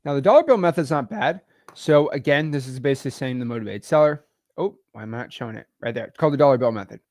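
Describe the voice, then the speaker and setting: Coaching real estate wholesaling on a live stream, this man teaches in a casual, slangy style and role-plays calls with sellers. He talks fast, with a medium-pitched, slightly mellow voice and lively intonation. The sound is dry and clean, studio grade.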